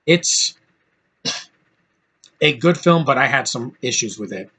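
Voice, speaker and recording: A man's voice: mid-range voice, expressive, takes it slowly, bright, forceful tone, slightly rough. A man giving a blunt, ranting movie review in casual speech, with lots of fillers and restarts. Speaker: film reviewer.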